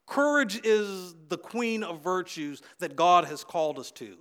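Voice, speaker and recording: A middle-aged man preaching a sermon as pastor, an animated storyteller who repeats phrases for emphasis and swings widely in loudness and pitch. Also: measured pace.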